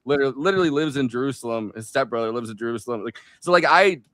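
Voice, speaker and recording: A man's voice: medium pitch, expressive, very fast, fairly bright tone, dry recording. Rambling man on a political stream. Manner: rambling, many fillers and restarts. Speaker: co-host. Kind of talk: casual political chat.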